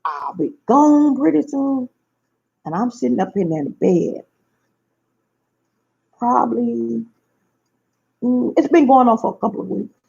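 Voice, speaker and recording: A woman's voice: on the high side, lively intonation, unhurried, creaky, pauses often, warm tone, breathy edge. A woman, telling a personal story to her viewers in an emphatic way that repeats her phrases. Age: 50s. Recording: dull lo-fi recording.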